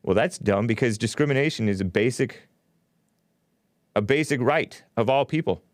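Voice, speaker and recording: A man's voice: mid-range voice, animated, normal speed, no room sound, studio quality. A man hosting a talk show, delivering a rambling, opinionated monologue with frequent restarts. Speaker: host.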